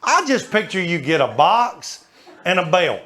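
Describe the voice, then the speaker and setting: A middle-aged man telling stories in a stand-up comedy set, animated and calling out to the audience. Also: high voice, a little slow. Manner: animated, shouting asides to the audience. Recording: live show with faint crowd noise.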